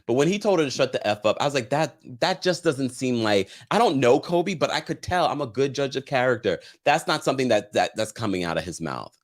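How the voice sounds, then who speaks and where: Man, host, casual recap chat, lively pitch, reads out comments, laughs often. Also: fast talker, hardly any pauses. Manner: animated, chatty, reads viewer comments aloud and laughs often. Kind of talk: casual reality TV recap livestream.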